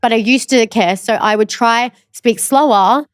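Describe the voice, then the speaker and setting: Fast-talking young woman. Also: on the high side, no room sound, clean studio sound. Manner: fast-talking, candid, laughs often. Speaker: podcast co-host. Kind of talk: casual chat.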